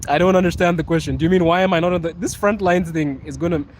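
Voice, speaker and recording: A man's voice: high voice, fast talker. Playful young man streaming from a noisy street. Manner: laid-back, playful, reads chat comments aloud and laughs often. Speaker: livestream host. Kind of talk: casual live-stream chat. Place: outdoors on a city street. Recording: street traffic noise behind.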